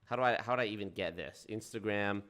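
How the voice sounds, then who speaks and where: A man's voice: lowish voice, quick pace, fairly bright tone, clear, resonant tone. A man hosting reaction commentary, crude and mocking, swearing freely. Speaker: commentary host.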